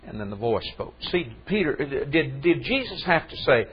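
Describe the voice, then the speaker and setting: A man's voice: a little high, big pitch swings, moderate pace, hardly any pauses, slightly rough, lo-fi sound. A man preaching a sermon in a conversational way that rises into fervent emphasis.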